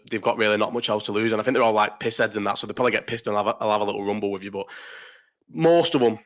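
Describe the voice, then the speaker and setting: A man's voice: lowish voice, fairly bright tone. A young man hosting a casual live chat, blunt and rambling, swearing freely and restarting his sentences. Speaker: live stream host.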